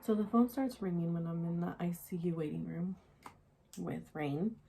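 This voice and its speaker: A young woman vlogger casually shares a personal story while getting ready, rambling and candid with plenty of fillers and the occasional drop into a whisper. Her voice is fairly low, gravelly, and mellow, at a normal speed, with slight background noise.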